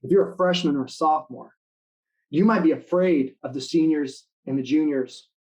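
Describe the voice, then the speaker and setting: A man giving a motivational talk to students in an online live session, telling stories with lively acted-out quotes. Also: on the high side, normal speed, rough recording. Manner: animated storytelling, acting out quoted lines. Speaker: motivational speaker.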